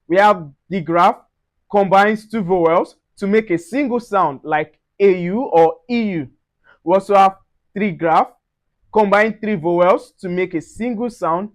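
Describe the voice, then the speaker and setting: A man teaching French pronunciation in an online lesson, slow and deliberate, repeating each example word. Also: high voice.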